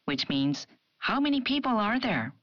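A woman narrating a scripted language lesson, speaking clearly and carefully, lifting her voice on example questions. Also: fairly high pitch, very animated, normal speed, highs cut off, heavy background noise. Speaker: language program co-host.

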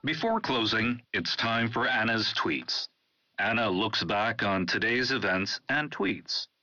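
Bright, lively male segment announcer. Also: on the low side, lo-fi sound. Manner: announcing segments in an upbeat, measured way. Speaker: program host. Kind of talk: scripted radio hosting.

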